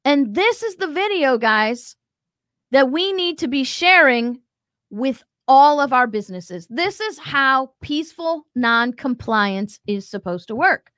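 High, animated woman host. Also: a little slow, no room sound. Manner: animated and emphatic, acting out quotes. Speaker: show host. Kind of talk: commentary on a video clip.

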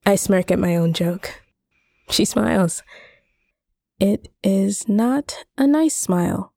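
Woman narrator, measured and wry; slow, gravelly, dry. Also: mid-range voice, animated, warm tone, dry recording. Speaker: reader. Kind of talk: first-person short story narration.

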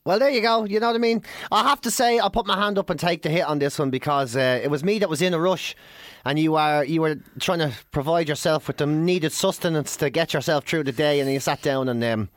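A man's voice: on the high side, fairly quick, no room sound, studio quality. A middle-aged man, a comedian co-hosting a podcast, who tells stories with plenty of swearing and jokes at his own expense. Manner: swearing, animated storytelling, self-deprecating. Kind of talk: casual chat.

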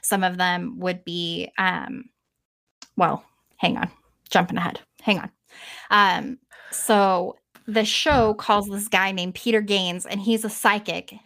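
A woman podcast host casually retelling a story in an animated way, swearing freely and trailing off now and then. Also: mid-range voice, slow, gravelly.

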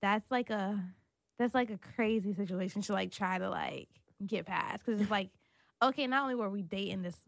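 A woman talks in a laid-back, halting way, trailing off and restarting with fillers. Her voice is gravelly, with plenty of fry. The sound is dry and close to the mic. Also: mid-range voice, dry recording. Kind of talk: casual chat.

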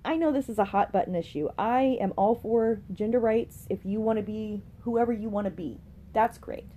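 A woman's voice: medium pitch, normal speed, warm tone. A woman hosting a casual true-crime podcast from home, chatty and opinionated, talking straight to her listeners. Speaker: podcast host. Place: home room with pets and a rooster nearby.

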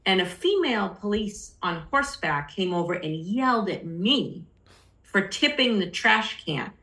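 A middle-aged woman appearing as a podcast guest tells her personal story candidly, acting out the voices of the people she quotes. Her mid-range voice is animated, pushed and bright at a measured pace, and the recording has a roomy echo.

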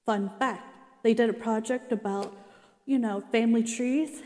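A woman's voice: a little high, steady tone, a little slow, darkish tone, big-room sound. A young woman casually reading about an old sitcom and reacting, chatty and exasperated, with many asides. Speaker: vlogger reading and reacting to a show's history.

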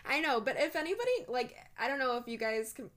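A woman in her twenties co-hosting a podcast, telling rambling, animated stories, swearing freely and laughing often. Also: high-pitched, brisk. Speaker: podcast co-host. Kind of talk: casual storytelling chat.

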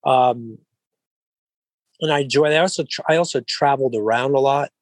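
In a relaxed interview conversation, a male guest talks calmly and evenly at a middling pitch and a fairly quick pace. He rambles, often restarting sentences and leaning on "you know" and similar fillers. The recording is dry and close, with no room echo.

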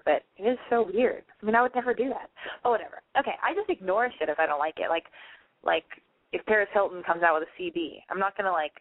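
A young woman hosting a call-in show, chatting casually and rambling, swearing often and filling with "like". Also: lowish voice. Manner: chatty, swears a lot, many likes. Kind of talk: casual chat, profane and rambling. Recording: dry tinny phone-like sound.

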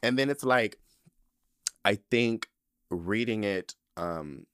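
Podcast host, man, 30s, low voice, salty and animated, dry close sound. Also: takes it slowly, clean tone, no room sound. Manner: profane, animated and gushing. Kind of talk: casual chat.

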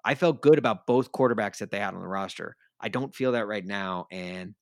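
A man's voice: on the low side, a little fast, creaky, no echo, studio quality. A man co-hosting a casual sports podcast, rambling and laughing as he talks. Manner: rambling, self-deprecating, laughs often. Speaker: podcast co-host.

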